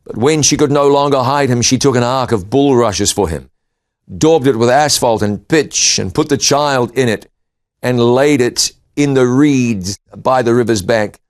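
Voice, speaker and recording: A man preaching a sermon, reading scripture aloud and retelling it with lively rises and drops in pitch and volume. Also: a little slow. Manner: expressive Bible reading with shifting pitch and volume.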